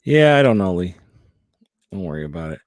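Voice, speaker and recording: A man's voice: sits low, sing-song, a little fast, no echo, clean studio sound. A man co-hosting a casual livestream chat, laid-back, mostly giving short agreeing replies and reading out viewer comments. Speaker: podcast co-host.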